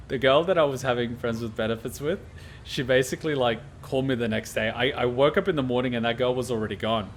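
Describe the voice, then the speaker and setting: A man's voice: medium pitch, a little fast, slight background noise. An Australian man streaming a game reaction, telling a rambling casual anecdote full of fillers and laughter.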